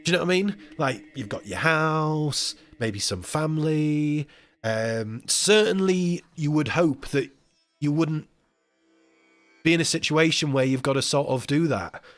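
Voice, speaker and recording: A man's voice: a little high, expressive, a little slow, soft background music. Emotional man telling a story. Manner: emotional, rambling storytelling with quoted voices. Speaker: live stream host. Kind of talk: casual chat.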